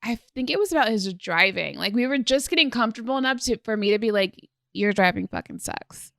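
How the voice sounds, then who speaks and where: Host: casual, chatty woman, brightish higher voice, dry sound. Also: expressive, quick pace, gravelly, no room sound. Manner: warm-toned storytelling, casual with fillers and swearing. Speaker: podcast host. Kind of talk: casual podcast conversation.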